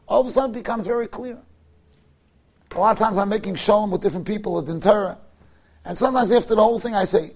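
A rabbi delivering a sermon through a story. His voice is high for a man, and he moves between quiet, hushed narration and loud, emphatic bursts. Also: expressive, a little fast.

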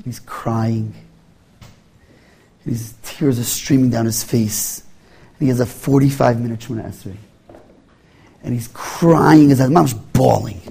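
A man's voice: medium pitch, a little slow, gravelly, long pauses, mellow, slightly rough. A man giving a sermon as a rabbi, acting out little scenes in quoted voices as he teaches.

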